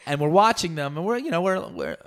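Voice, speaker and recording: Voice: medium pitch, lively intonation, fast, a bit bright. A young co-host chatting casually, telling stories with dry jokes. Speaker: podcast co-host. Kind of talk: casual chat.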